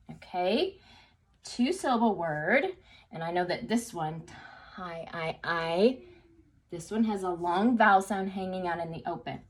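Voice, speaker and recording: A woman teaching a phonics lesson to young children, sing-song and encouraging, often checking in with an okay. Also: lowish voice. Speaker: second grade teacher.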